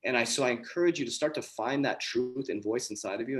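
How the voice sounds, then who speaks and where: A man's voice: mid-range voice, fast. A man in his forties hosting a group video call, giving an earnest, emphatic motivational talk and repeating his key points. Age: 40s. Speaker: coach and community host.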